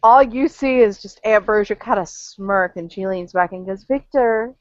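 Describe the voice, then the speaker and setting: A woman's voice: medium pitch, normal speed, dry recording, highs cut off. A woman narrating as game master in a tabletop role-play game, talking casually with some ums.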